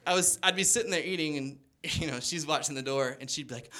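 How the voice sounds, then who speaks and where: A man in his thirties doing stand-up, telling self-deprecating stories with animated delivery. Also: a little high, fast talker, hardly any pauses, a little hiss or hum. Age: 30s. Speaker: stand-up comedian. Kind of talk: stand-up comedy set.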